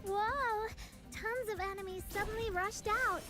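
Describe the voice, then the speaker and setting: A woman voicing a young female researcher in a video game, delivering her lines in a flat monotone. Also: very high-pitched, measured pace. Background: game music.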